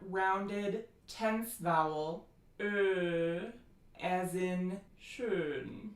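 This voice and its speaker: Slow-paced woman teaching vowel sounds. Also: on the low side, echoey room. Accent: American. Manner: explanatory, demonstrates vowel sounds slowly. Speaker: language teacher. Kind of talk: phonetics lecture.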